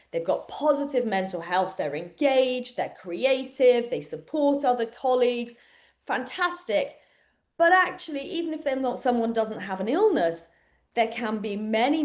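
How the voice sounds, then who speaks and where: A woman's voice: a little high, darkish tone. A woman with a British accent presenting an explanatory webinar, talking conversationally with fillers and restarts.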